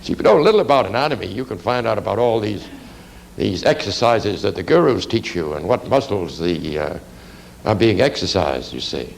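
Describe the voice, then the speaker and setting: Gravelly man lecturing on anatomy. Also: lowish voice, big pitch swings, a little hiss or hum, poor audio. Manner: halting, frequent "uh" and "you see"; dry asides to the class. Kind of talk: classroom lecture while drawing.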